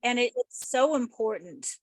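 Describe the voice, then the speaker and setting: A woman's voice: on the high side, animated, a little slow, slightly rough, dry recording. Chatty American woman hosting, dry sound. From United States. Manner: chatty, rambling, laughs easily. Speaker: podcast host. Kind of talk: casual remote interview chat. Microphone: online call.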